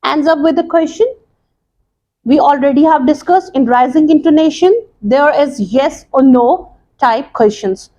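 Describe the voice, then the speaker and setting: Woman English teacher, high voice, slow, deliberate lesson delivery. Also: a little mellow. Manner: slow, deliberate explaining with many pauses and repeats. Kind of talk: recorded classroom lesson.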